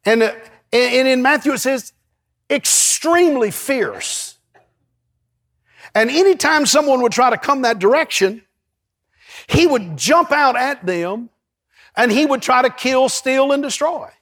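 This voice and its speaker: High-pitched guy preaching a sermon, fired up, shouts and asks for amens. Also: animated, normal speed. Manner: fervent, shouting at peaks, calls for amen.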